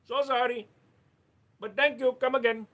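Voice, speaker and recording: A man putting on a high, over-polite voice with a thick comic accent, speaking in a singsong, apologetic way. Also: steady tone, normal speed, bright, forceful tone.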